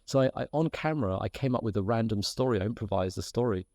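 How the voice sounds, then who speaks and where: Brief: British male guest, lowish voice, dry close sound, animated storyteller. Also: quick pace, dry recording. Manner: lively storyteller who acts out quoted voices and laughs as he tells. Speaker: podcast guest, actor. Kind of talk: casual anecdote telling.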